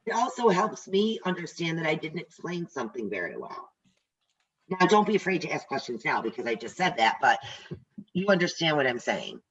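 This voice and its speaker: A woman's voice: sits low, very animated, fairly quick, lo-fi sound, a little hiss or hum. An older woman teaching a class on a video call, chatty and direct, telling stories as she goes. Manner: chatty, tells stories, talks straight to trainees. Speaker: real estate instructor.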